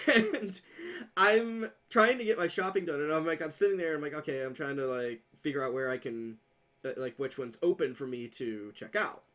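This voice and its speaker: A woman's voice: sits low, normal speed, a bit bright. A woman co-hosting a podcast who tells an anecdote in casual chat and acts out both sides of the dialogue, swearing freely. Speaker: podcast co-host.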